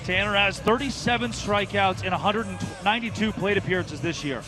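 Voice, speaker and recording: A man calling a live baseball game from the broadcast booth, excitable and jokey, often shouting the big plays. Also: sits high, a little fast, music in the background. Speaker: play-by-play announcer.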